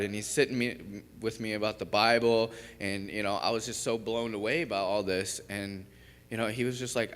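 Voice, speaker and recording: Young man, lowish voice, candid church testimony, chatty with restarts, reverberant sanctuary. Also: a bit bright. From Kentucky. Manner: candid, conversational storytelling with frequent fillers and self-interruptions. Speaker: recovery program graduate giving testimony. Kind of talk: personal testimony in a church service. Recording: long reverb of a large church.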